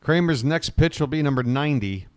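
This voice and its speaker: A man's voice: animated, fairly quick, no echo. Chatty man calling a baseball game. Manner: chatty, thanks viewers warmly between pitches; gets emotional and jokey. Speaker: host of a fan play-by-play stream. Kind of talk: live fan play-by-play commentary.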